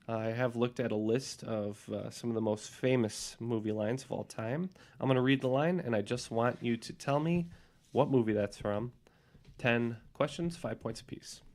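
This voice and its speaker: Relaxed man hosting a trivia quiz. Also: mid-range voice, normal speed. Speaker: quiz host. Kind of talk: casual podcast trivia hosting.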